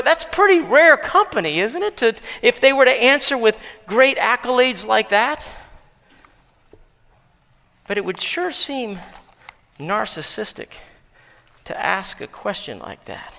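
A man's voice: high-pitched, very animated, unhurried, gravelly, pushed and bright. A man preaching a sermon as pastor, telling stories conversationally and asking rhetorical questions of the congregation. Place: church sanctuary. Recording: long church-hall reverb.

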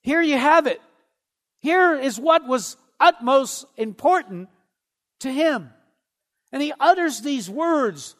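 A man preaching a sermon in a very high, light voice. He speaks slowly and earnestly and lingers on his words. A long reverb trails each phrase. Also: expressive, fairly bright tone. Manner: slow, earnest preaching with dramatic pauses. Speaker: pastor.

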